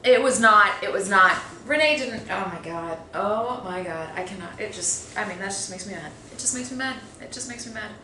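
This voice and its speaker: A woman reviews a movie in a casual, exasperated ramble, full of opinions, fillers and restarts. Her mid-range voice has lively intonation and a sharp tone, moving at a moderate pace with few pauses, captured by phone in an echoey room with faint ambience and slight background noise.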